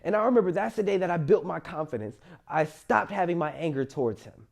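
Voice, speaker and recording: A man's voice: a little high, lively intonation, quick pace, creaky. A young man in college tells his own life story to camera in an earnest, emphatic, motivational way. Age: young adult.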